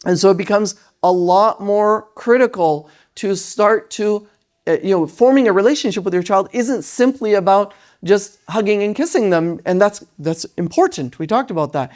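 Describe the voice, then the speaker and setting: A lecturer giving an Islamic parenting lesson. They speak in a lively way, often tag lines with "right?", and briefly act out parents and children. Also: medium pitch, moderate pace. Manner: animated, tags lines with "right?"; acts out parents and children in quoted voices.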